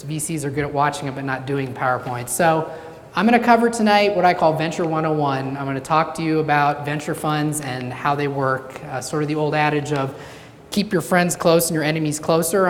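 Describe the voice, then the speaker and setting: A woman speaking as a venture capitalist, giving a joking talk that keeps drawing in her audience. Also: sits low. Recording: reverberant hall, faint noise.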